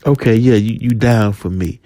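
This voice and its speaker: A man's voice: fairly low pitch, normal speed, dark tone, no echo, lightly acted. A man voicing cocaine as a tempting woman. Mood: seductive. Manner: taunting, coaxing, possessive.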